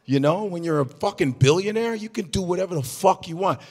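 A man riffing stand-up on stage, his high, bright voice swinging wide as he swears and shouts his punchlines. The sound carries the long reverb of a large room. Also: lively intonation, fairly quick. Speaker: stand-up comedian.

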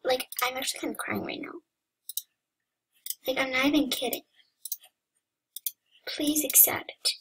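A woman's voice: sits high, wildly swooping pitch, fairly quick, pauses often, fairly bright tone, slightly rough. A young woman giving casual game commentary, dramatic and pleading, sometimes dropping into whispers. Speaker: gamer.

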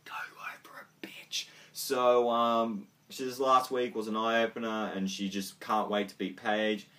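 Low-voiced excitable man reviewing wrestling. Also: measured pace, recorded from a distance. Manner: excitable, swears freely, many ums. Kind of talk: casual video review.

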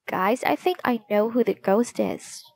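A woman voicing an excited, jokey young boy detective in a storybook reading. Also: a little high, a little slow, creaky, no room sound. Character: cheeky, food-loving young boy.

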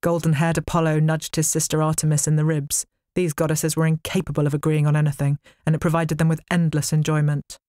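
A woman's voice: low-pitched, little pitch movement, a little fast, few pauses, dark tone, no room sound. A woman author reading her own novel aloud in a studio, with wry storytelling. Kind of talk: dramatic book reading. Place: recording studio.

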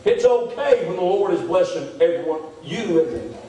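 A man preaches a revival sermon in a church, his high voice rising and falling as he leans on "my friend" again and again. The sound carries a strong, roomy echo from the hall. The mic sits well away from him. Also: big pitch swings, normal speed, dark tone, distant mic, a little hiss or hum. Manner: preaching, repeats "my friend" often. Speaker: pastor. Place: church sanctuary. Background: congregation amens.

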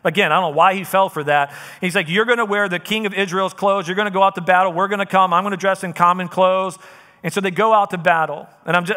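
Bright high-voiced pastor in a reverberant hall. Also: male voice. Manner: lively storytelling, paraphrasing scripture with casual asides. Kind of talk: sermon. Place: church auditorium.

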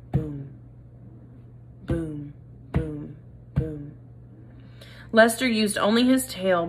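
Bright-voiced woman reading a storybook. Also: mid-range voice, slight background noise, low-quality recording. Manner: expressive, animated. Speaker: storybook reader. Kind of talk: reading a children's novel aloud.

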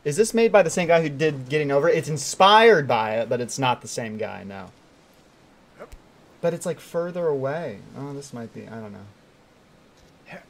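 A man's voice: on the high side, normal speed. A young man streaming a climbing game, talking to himself and his chat, often yelping when startled. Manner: excitable, yelps and shouts when startled; talks to himself and chat between plays. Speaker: gaming streamer. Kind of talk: live gameplay commentary. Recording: faint background noise.

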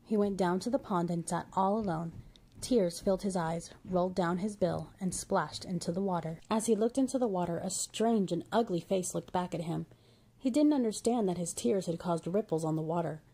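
A woman reading a children's storybook aloud in a steady, expressive way. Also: fairly low pitch, normal speed, breathy edge.

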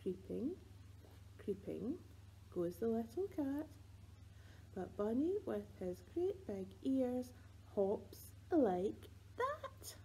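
Gentle sing-song Scottish woman. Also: on the high side, big pitch swings, drawn-out words, a little hiss or hum, rough recording. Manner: sing-song, playful, with soft whispered asides. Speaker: children's librarian. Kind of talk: leading baby rhymes and songs. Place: library.

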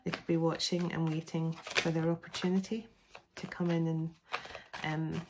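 A woman's voice: deep voice, little pitch movement, normal speed, noisy background. A woman giving a casual spoken tarot reading. She rambles chattily, with many fillers and restarts. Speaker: tarot reader.

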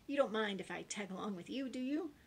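A woman's voice: lively intonation, fast, slight background noise, lightly acted. A woman voicing a timid storybook elephant. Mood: fretful. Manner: higher, fretful, hesitant. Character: timid male elephant, polite and jittery.

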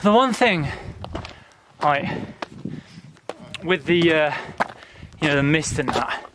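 A man's voice: fairly high pitch, expressive, slow pace, noisy background. A man from Britain vlogging as he hikes a mountain trail outdoors, chatty and self-mocking, a bit out of breath. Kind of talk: casual vlog while hiking.

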